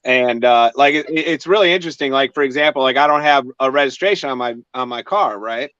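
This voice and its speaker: A man's voice: medium pitch, brisk, a bit bright, dry recording. A man hosting a casual chat, talking hesitantly with many fillers and restarts. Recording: dry, dull lo-fi sound.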